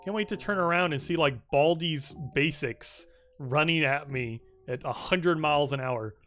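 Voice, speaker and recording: A young man streaming a video game and commenting casually, excitable and rambling, swearing often and filling his speech with "like". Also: fairly high pitch, normal speed.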